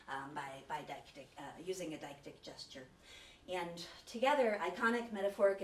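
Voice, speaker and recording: Lower-pitched woman researcher lecturing casually, with frequent fillers and restarts, picked up from a distance in an echoey room. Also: slight background noise. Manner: conversational, with fillers and self-corrections. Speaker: autism researcher giving a talk. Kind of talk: academic lecture. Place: lecture room, hybrid session with remote viewers. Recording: roomy, distant lecture-hall sound with faint ambience.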